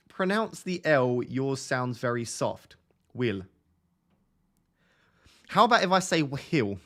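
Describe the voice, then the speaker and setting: A young man from Essex with a softened Essex accent, chatting casually on a live stream, reading out viewer questions and laughing often. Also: on the high side, wildly swooping pitch, very slow, pauses often. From Essex, England. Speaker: fantasy football streamer.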